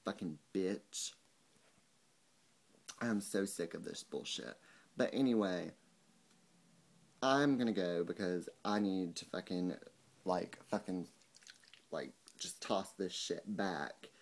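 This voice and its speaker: Young man ranting, low voice. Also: creaky. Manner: profane, fast ranting with mocking quotes. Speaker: vlogger. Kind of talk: angry rant to camera.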